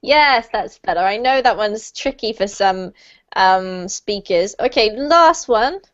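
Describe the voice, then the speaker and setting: A woman teaching an online English lesson, encouraging her students, laughing often and modelling words slowly. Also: mid-range voice, animated. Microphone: video call. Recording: slightly muffled video call audio.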